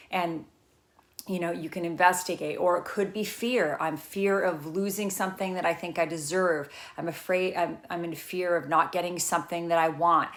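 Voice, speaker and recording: A middle-aged woman speaks as a trauma recovery coach in a loose, unscripted talk to camera. Her voice sits a little low, and she circles her points earnestly, trailing off and restarting with lots of fillers. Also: fairly even intonation, normal speed.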